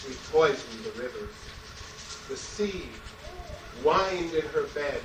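Slow, chanting male poet in an echoey room. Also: on the high side, lively intonation. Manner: rhythmic, chanting delivery with wry asides. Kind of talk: live poetry reading. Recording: echoey room, distant mic, background noise.

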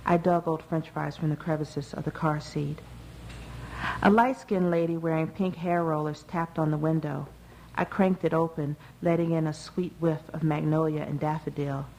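A woman reading a first-person novel aloud in a measured, even way. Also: low-pitched, slight background noise, poor audio. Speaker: audiobook narrator. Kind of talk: first-person literary narration.

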